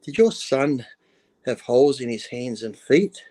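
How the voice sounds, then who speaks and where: A man voicing Jesus in a told joke, eager and excitable, in an everyday voice close to his own. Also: medium pitch, a little slow. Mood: eager excited.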